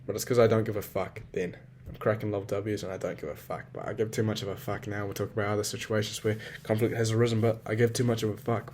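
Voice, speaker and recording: A young man talks through his own thoughts in a loose spoken journal, circling back on himself as he goes. His voice sits a little low. His speech is packed with slang and casual swearing, and it sounds unscripted and self-searching. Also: a little mellow, slight background noise. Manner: rambling and self-reflective, with heavy swearing and slang. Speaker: vlogger.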